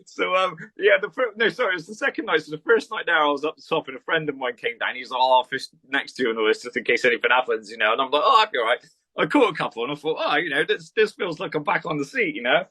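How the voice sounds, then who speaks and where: A man's voice: a little high, quick pace, few pauses, bright, forceful tone, breathy edge. A man, a podcast guest, rambling through a story in casual chat and swearing freely.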